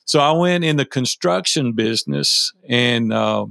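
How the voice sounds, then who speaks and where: A man in his fifties, a guest telling personal stories in a folksy, animated way, acting out past conversations. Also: medium pitch, a little slow, gravelly, no echo, studio quality. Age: 50s. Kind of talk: interview storytelling.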